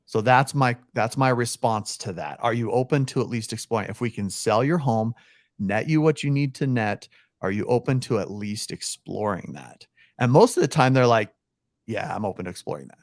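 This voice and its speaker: Energetic man coaching on a podcast. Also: medium pitch, normal speed, no room sound, clean studio sound. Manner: energetic, acts out phone scripts. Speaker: real estate coach guest. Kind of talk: podcast interview, coaching with role-played calls.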